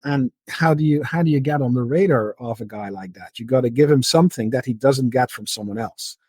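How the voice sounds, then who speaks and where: A middle-aged man, a guest on a podcast, talking through his past work in a relaxed, conversational way, often repeating words and restarting his sentences. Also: medium pitch, brisk, breathy edge, no room sound. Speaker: podcast guest, market analyst. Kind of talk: conversational interview.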